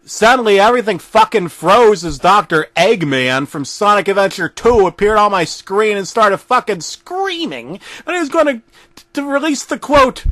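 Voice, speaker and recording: High-voiced man telling a crude comedy horror tale. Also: lively intonation, moderate pace, a bit bright, no room sound. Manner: crude, profane storytelling. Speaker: narrator. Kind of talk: comedic horror story reading.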